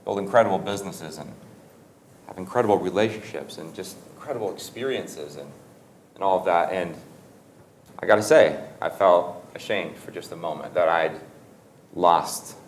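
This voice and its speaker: Low-voiced male motivational speaker with a casual, self-correcting storytelling style and faint room sound behind him. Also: moderate pace, slight background noise. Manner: conversational and humorous, with frequent self-corrections and laughter.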